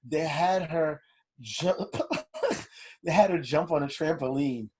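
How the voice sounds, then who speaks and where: Male podcast co-host, husky, animated and profane. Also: on the high side, takes it slowly. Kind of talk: casual chat.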